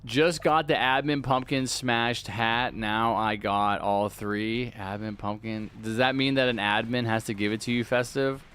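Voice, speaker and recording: A man's voice: mid-range voice, fairly even intonation, unhurried, hardly any pauses, fairly bright tone, clean tone. A man live-streaming a video game, chatting casually, reading viewer messages aloud and thanking donors. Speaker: livestreaming gamer.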